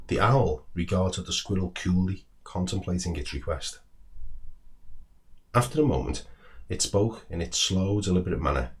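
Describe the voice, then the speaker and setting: A man who wrote the book, reading a children's story aloud with expressive storytelling delivery. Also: sits low, normal speed. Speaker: children's book author and narrator. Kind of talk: storybook read-aloud narration.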